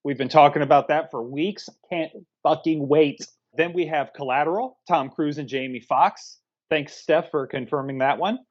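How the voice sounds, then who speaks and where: A man's voice: a little high, normal speed, highs cut off. A man co-hosting a film review podcast, blunt and profane, chatting casually. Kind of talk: casual chat.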